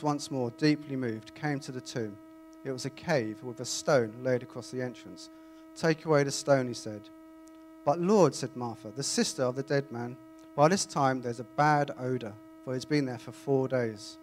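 A man reading scripture aloud and then preaching in a chatty, animated way to a congregation. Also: medium pitch, moderate pace. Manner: conversational, animated, self-interrupting. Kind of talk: Bible reading and informal sermon. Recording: faint mains hum.

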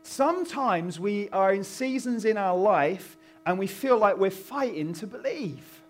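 A man preaching a sermon in a conversational, animated storytelling way, acting out voices. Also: high voice, a little slow. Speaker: pastor.

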